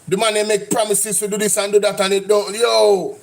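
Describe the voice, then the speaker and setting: High-voiced impassioned Jamaican man ranting. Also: little pitch movement, brisk, gravelly. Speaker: political commentary host. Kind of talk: live stream reaction commentary.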